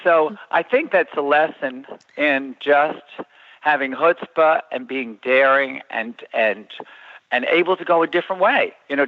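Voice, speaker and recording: An older man, a comedy writer and author, telling an animated story and acting out the voices. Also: mid-range voice, dry recording. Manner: lively storyteller, acts out voices. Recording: dull lo-fi sound, dry.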